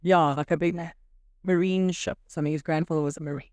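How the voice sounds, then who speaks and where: Animated woman telling stories, crisp voice. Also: sits low, fast, no room sound, studio quality. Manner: animated storyteller, quotes others often. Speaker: podcast co-host. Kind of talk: casual chat.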